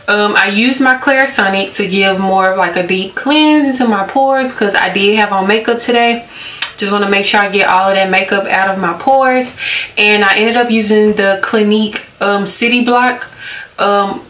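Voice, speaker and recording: Bright and forceful in a mid-range register, with a roomy sound, a young woman vlogging about beauty chats casually about skincare and tells stories, full of giggles and filler words.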